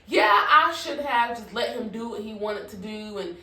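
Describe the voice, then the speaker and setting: A fairly high-voiced woman tells a storytime tale to her channel in a loose, conversational way, swearing freely and checking in with "you feel me." Her voice is set back from the mic, and the room around her rings with echo. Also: animated, moderate pace, pushed and bright. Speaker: vlogger. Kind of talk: casual storytime. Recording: echoey room, voice from a distance from the mic.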